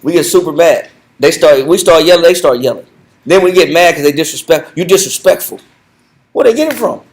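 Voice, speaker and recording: A man leading a Bible study lesson in a conversational, animated way, repeating himself and laughing often. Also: fairly high pitch, brisk, poor audio. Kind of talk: conversational teaching.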